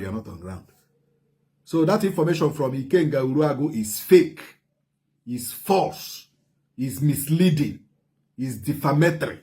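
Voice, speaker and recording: A man with an Igbo Nigerian accent giving impassioned commentary, repeating phrases in rapid bursts. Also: medium pitch, dark tone.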